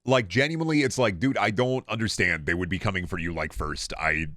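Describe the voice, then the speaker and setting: A man's voice: sits low, fairly quick, fairly bright tone, no room sound, studio quality. A man streaming and chatting casually with his viewers, joking, rambling and swearing freely. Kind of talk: casual livestream chat.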